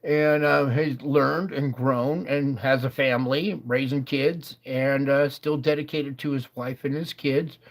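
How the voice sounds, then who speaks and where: A man on a livestream telling a personal story in a halting, rambling way, full of fillers and restarts. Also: mid-range voice, steady tone. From Nevada, USA. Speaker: livestream host.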